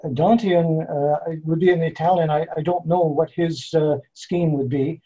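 Dark husky-voiced man, lo-fi sound. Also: on the high side, steady tone. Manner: measured, explanatory, slows down to spell out meter. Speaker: poet and author being interviewed. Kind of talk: thoughtful interview answers. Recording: dull lo-fi sound.

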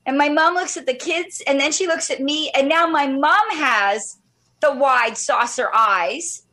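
A woman in her fifties, an interview guest telling a personal story in an animated, expressive way with shifting pace. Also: high-pitched. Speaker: guest speaker.

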